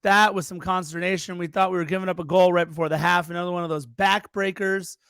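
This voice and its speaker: Co-host, man, high gravelly voice, excitable match retelling, dry sound. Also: fast talker, no room sound. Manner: eager, excitable play-by-play retelling. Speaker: podcast co-host. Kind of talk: casual soccer recap chat.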